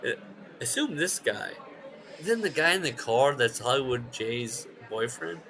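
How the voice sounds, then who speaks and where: A man's voice: medium pitch, measured pace, low-quality recording. A man co-hosting a podcast in casual chat, telling stories with plenty of swearing and acting out what others said. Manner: animated storyteller, swears, acts out quoted lines. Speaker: podcast co-host. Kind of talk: casual chat about wrestling.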